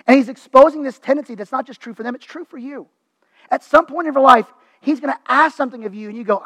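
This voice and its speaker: A man's voice: very high voice, fast, sharp tone, dry recording, low-quality recording. A man preaching a sermon in a conversational way, acting out what people say. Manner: conversational preaching, acts out quoted voices. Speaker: pastor.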